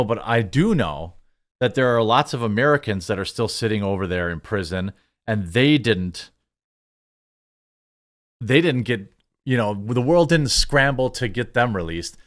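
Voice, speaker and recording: A man's voice: medium pitch, fairly bright tone. Indignant male commentary host. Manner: mocking, indignant, reads article excerpts aloud. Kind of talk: opinionated online commentary.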